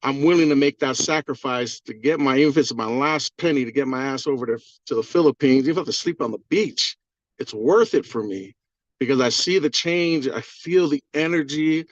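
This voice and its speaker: A man's voice: mid-range voice, fairly quick, dry recording, dull audio. A man on a community video call, giving a rambling, profane, fired-up testimonial. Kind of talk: excited testimonial on a group call.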